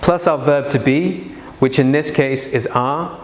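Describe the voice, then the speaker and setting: A man teaching an English grammar lesson, speaking slowly and deliberately and repeating his example sentences. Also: on the high side, echoey room, slight background noise.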